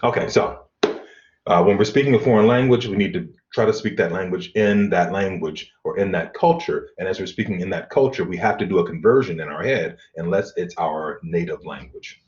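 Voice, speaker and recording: A middle-aged man teaching an online college class, explaining in a relaxed way with fillers and throat clearing. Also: deep voice, brisk. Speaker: college instructor. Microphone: computer mic on video call. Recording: dull lo-fi video call audio.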